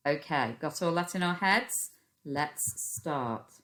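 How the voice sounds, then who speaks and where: Slow, low-voiced British teacher for children. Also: female voice, animated, fairly bright tone. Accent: British English. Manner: slow, patient, sounding out words for children. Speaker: primary school teacher. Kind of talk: recorded phonics lesson for young children. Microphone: computer microphone.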